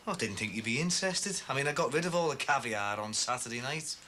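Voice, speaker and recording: A resentful, sarcastic man who grumbles about money. He talks quickly, his slightly high voice jumping up and down. The sound is a noisy TV broadcast. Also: lively intonation, bright, forceful tone.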